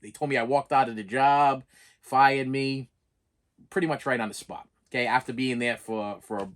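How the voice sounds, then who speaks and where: A middle-aged channel host shares a personal story, his medium-pitched, fairly bright voice steady in tone and moderate in pace. He's plain-spoken and emphatic, rambling as he repeats phrases and restarts sentences.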